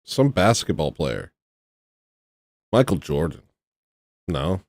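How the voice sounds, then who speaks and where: A man's voice: low voice, sing-song, slow pace, a little mellow, no room sound. A man hosting a casual all-night radio show, joking and rambling and laughing at his own stories.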